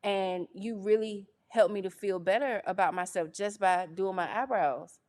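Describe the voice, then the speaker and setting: A woman from North Carolina, a guest in a casual interview, telling her story with lively, acted-out quotes. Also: medium pitch, moderate pace. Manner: animated, acts out quoted voices. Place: studio on location.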